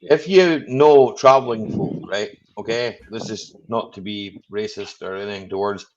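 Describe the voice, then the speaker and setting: A man's voice: lowish voice, normal speed, muffled recording, a crowd in the background. A man hosting a live chat stream, talking in a casual, rambling way full of "you know".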